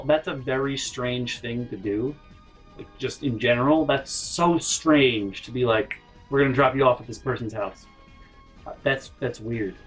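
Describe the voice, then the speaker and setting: Husky man telling a rambling comic story. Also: medium pitch, low-quality recording. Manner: animated, rambling, swears freely, mock-indignant asides. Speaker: storytelling vlogger. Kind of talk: casual comedic storytelling.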